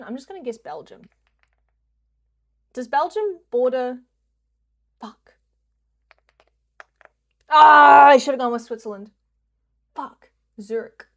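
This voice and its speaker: A young woman with a New Zealand accent and a fairly high but darkish voice streams a guessing game with casual commentary. She jokes around, swears freely, and now and then launches into mock rants.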